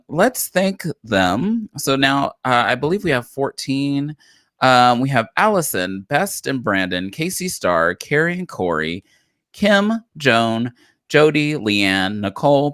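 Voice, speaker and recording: A man co-hosting a loose live-stream talk show, chatty and rambling, with a lot of ums and restarts. His pitch swings around a lot as he talks. The sound is close and dry, with no room echo. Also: a bit bright. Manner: chatty, rambling, lots of fillers and self-corrections. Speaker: co-host. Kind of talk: casual live-stream chat.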